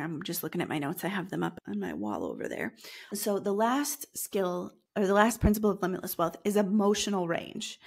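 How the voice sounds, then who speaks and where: A woman's voice: medium pitch, slightly rough. A woman hosting a solo podcast as a money coach, talking casually and conversationally and repeating phrases for emphasis. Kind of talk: solo podcast teaching talk.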